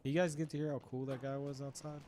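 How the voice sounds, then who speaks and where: A man's voice: mid-range voice, flat delivery, quick pace, background noise. A man live-streaming a game, chatting casually with his viewers and laughing often.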